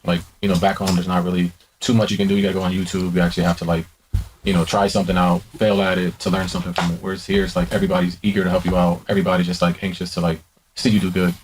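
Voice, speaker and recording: A man answering interview questions, earnest and full of fillers. His voice is low and sits flat. He speaks very quickly. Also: slight background noise, rough recording. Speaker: student interviewee.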